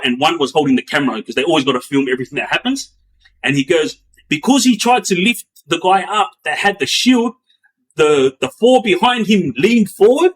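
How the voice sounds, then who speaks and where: A man telling a story in a loose, rambling way, with many fillers and restarts, acting out the action with bangs and booms. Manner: animated, acts out sounds with bangs and booms. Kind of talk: casual spoken storytelling.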